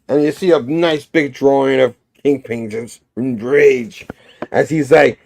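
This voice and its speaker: A man's voice: medium pitch, animated, normal speed, gravelly, a little mellow. A man reviewing a comic, retelling its story animatedly with sound effects and frequent laughs.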